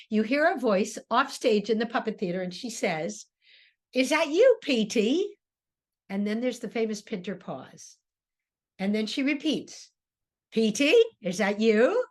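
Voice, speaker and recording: An older woman, a theater director, giving an informal classroom lecture with many fillers and restarts, acting out quoted lines with sudden pitch jumps. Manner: thoughtful, with frequent fillers and restarts.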